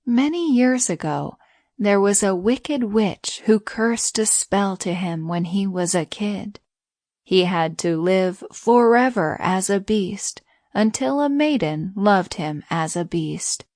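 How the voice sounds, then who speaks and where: Slow soothing woman storyteller. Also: medium pitch, animated, a little mellow, dry recording, studio quality. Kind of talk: bedtime story narration.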